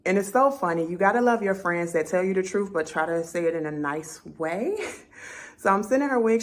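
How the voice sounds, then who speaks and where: A young woman vlogging casually, telling a story and acting out her own conversations in an animated way. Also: medium pitch, moderate pace.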